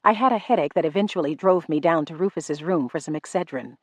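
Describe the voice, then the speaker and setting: A woman reading a novel aloud in first person, measured and restrained. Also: low-pitched, dry recording. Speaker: audiobook narrator. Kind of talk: first-person audiobook narration.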